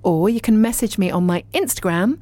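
A woman's voice: mid-range voice, animated, a little fast, no echo. Bubbly woman presenting local radio. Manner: bubbly, chatty, warm asides. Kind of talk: chatty local radio show. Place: radio studio. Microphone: studio microphone.

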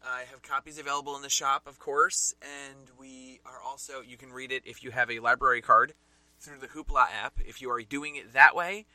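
New Jersey man, bright and forceful, casual co-host, dry close sound. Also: mid-range voice, steady tone, normal speed, dry recording, poor audio. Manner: chatty, laughs often. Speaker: podcast co-host and comic shop owner. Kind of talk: casual chat.

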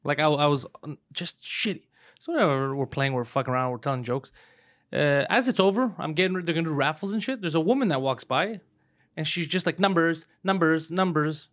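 Man, quick talker, high voice, laughs mid-story, casual podcast chat. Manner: animated, swearing, laughs through his stories. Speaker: podcast co-host.

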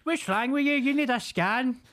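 A man's voice: normal speed, fairly bright tone. A man with a Scottish accent voicing a fussing old woman neighbour who nags and scolds. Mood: scolding. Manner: shrill, scolding.

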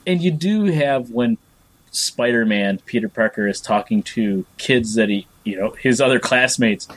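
A man co-hosting a podcast, chatting about a movie in an upbeat, expressive way. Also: mid-range voice, moderate pace, rough recording. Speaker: podcast co-host. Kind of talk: casual film chat.

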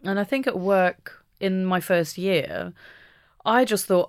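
A woman speaking as an interview guest, talking openly and reflectively, with the odd soft laugh. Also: medium pitch, takes it slowly, vocal fry, clean tone, dry recording, studio quality. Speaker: podcast guest. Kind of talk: candid conversational interview.

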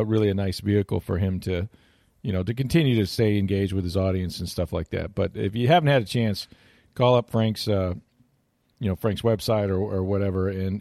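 A man chatting about football as a guest analyst, rambling and restarting his sentences with plenty of fillers. His voice sits on the low side, and the sound is close and dry with no room around it. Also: mellow, no echo. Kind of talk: casual radio chat.

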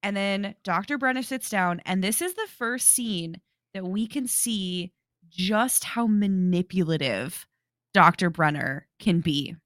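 A woman's voice: medium pitch, expressive, measured pace, fairly bright tone, no room sound, studio quality. A woman co-hosting a podcast in casual chat, laughing often and swearing. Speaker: podcast co-host.

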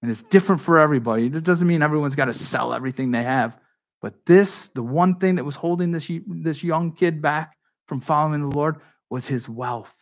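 Fairly high in pitch and a little fast, a male pastor delivers an expository sermon. His style is conversational and emphatic, full of restarts and side comments to his flock.

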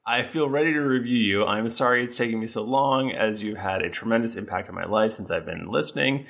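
A man's voice: on the low side, brisk, creaky, a bit bright. Tipsy man reading reviews aloud. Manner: playful, tipsy, laughing while reading. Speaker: podcast co-host. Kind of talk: casual chat, reading listener reviews.

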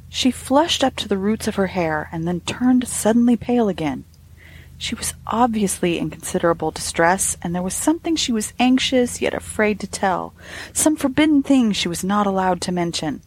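A woman narrating a classic ghost story in a lively, expressive reading with soft asides. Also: mid-range voice, moderate pace, slightly rough.

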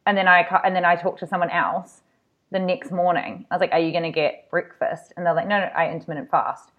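A young woman co-hosting a podcast chats casually, telling animated stories and acting out what people said. Her voice is on the low side and fairly quick, and the sound is muffled.

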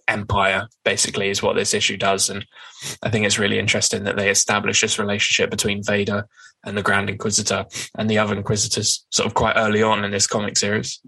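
A man's voice: on the low side, gravelly, sharp tone, breathy edge, low-quality recording. A man hosting a casual podcast, recapping comic plots in a rambling way with many ums and sort-ofs.

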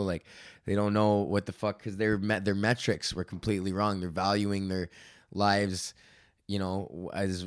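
A young man hosting a casual solo podcast, rambling and swearing freely, often laughing, and a bit low on energy. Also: clean tone, no room sound, clean studio sound. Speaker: podcast host. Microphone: studio podcast mic.

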